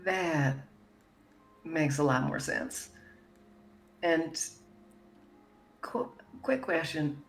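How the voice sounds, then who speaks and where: Woman, very low voice, casual tabletop player, wry, swears freely. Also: very slow, pauses often, slight background noise. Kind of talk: casual tabletop game chat.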